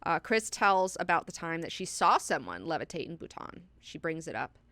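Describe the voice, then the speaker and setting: A woman's voice: low voice, very animated, moderate pace, a bit bright, dry recording. A woman hosting a casual book class, chatty and candid, with frequent profanity and personal asides.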